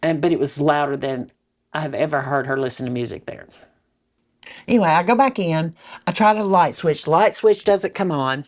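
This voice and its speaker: A woman from Arkansas, telling a memory in an interview in a halting, vivid way with restarts. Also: deep voice.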